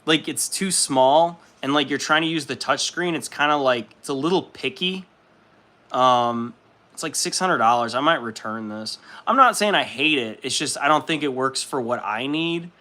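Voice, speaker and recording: A man's voice: medium pitch, normal speed, bright, forceful tone. A young man hosting a hobby livestream, chatting casually with viewers, laid-back, laughing often and swearing freely. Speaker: livestream host. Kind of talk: casual chat reading viewer comments.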